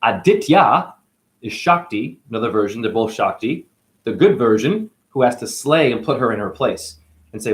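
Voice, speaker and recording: A man's voice: medium pitch, animated, normal speed. A man acting as a spiritual teacher, talking through a rambling monologue with free-associating wordplay and musing asides.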